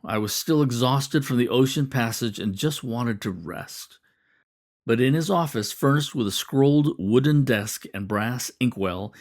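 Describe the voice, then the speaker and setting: A man reading his own novel aloud as first-person audiobook narration, measured and steady. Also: medium pitch. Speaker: author reading own book.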